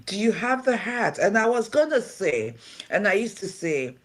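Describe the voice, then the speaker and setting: A woman's voice: mid-range voice, sing-song, a little slow. A woman who runs a home care agency and is also a pastor, talking on a livestream show in an earnest, heartfelt way and repeating her key phrases for emphasis. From from outside America. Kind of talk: livestream talk show chat.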